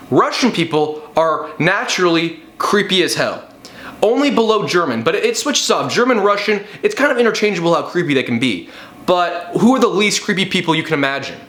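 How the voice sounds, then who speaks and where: Young man, slightly high voice, sarcastic profane rant, movie review, echoey room. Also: very animated, normal speed, fairly bright tone.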